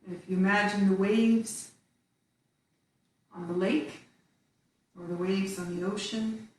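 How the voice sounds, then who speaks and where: A woman teaching tai chi, giving calm cues while she moves through the form. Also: mid-range voice, far from the mic. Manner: calm, slow cues spoken while moving. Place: indoor room with little space. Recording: very echoey room, voice away from the mic.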